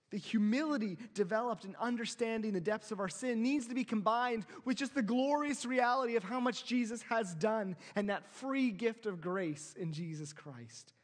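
A man preaching a sermon as pastor, earnest, swelling louder and slowing down on his key phrases. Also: high-pitched, big-room sound.

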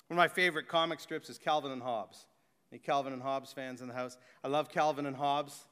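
A man preaching a sermon, moving from excited, animated talk to hushed, slow reverent passages. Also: medium pitch, smooth. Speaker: pastor. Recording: echoey hall reverb.

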